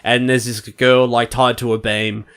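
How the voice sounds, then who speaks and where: Man, podcast co-host, animated storytelling, bright tone. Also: medium pitch, unhurried, clear, resonant tone. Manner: animated storyteller, acts out quoted shouts, swears freely. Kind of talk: casual chat, storytelling.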